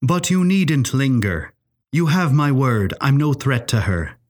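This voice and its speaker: A man voicing a calm young professor who speaks gently and courteously, with quiet amusement. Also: mid-range voice, a little slow. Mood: gentle.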